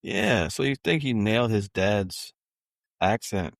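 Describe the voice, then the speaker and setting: Low male co-host, loose and profane, lots of slang and trailing fillers, close dry sound. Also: lively intonation, slow pace, creaky, no echo. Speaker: podcast co-host. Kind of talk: casual film chat.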